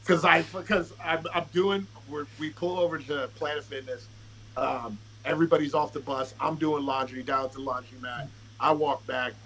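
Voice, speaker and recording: A man's voice: on the high side, normal speed, a little hiss or hum, rough recording. A man guest on a podcast, a rapper telling a casual, profane story and acting out what people said. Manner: profane, animated, acts out quotes.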